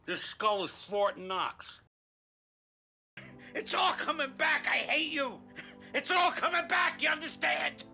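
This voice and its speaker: A man's voice: very high-pitched, lively intonation, takes it slowly, creaky, long pauses, pushed and bright, full character voice. An actor playing an unhinged older man spilling traumatic memories in a dramatic, emotional delivery, in a TV clip with music behind. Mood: agitated.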